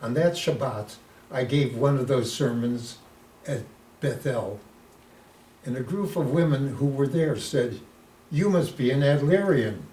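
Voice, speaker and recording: An elderly man in his nineties spins lively stories as an interview guest, peppering them with Yiddish words. He sits away from the mic in an echoey room. A faint hiss runs underneath. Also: mid-range voice, unhurried, recorded from a distance. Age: 90s. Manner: lively storyteller who sprinkles in Yiddish words. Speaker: guest, retired rabbi. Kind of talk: anecdotal storytelling in an interview.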